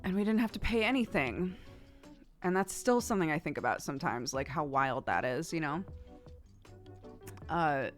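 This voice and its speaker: A woman's voice: sits low, expressive, normal speed, long pauses, faint music behind. An American woman in her thirties, a streamer chatting casually and rambling, laughing often. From United States. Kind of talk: casual chat with chat.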